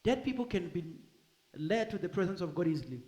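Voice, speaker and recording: A man preaching a sermon in a church, animated, acting out bits of dialogue with laughing asides. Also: sits high, brisk. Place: church hall. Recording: echoey church hall.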